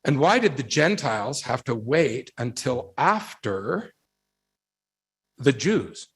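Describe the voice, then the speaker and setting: Direction an unhurried, animated man preaching to youth. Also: mid-range voice, slightly rough. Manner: animated storyteller who acts out quoted voices; rhetorical questions, emphatic repetition. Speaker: youth speaker. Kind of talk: storytelling devotional talk.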